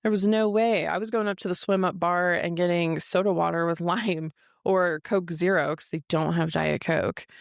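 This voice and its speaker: A gravelly, lowish voice belongs to this podcast host in her forties, who speaks confessionally and frankly in a candid solo monologue, swearing freely. She records from an office with no echo and studio quality.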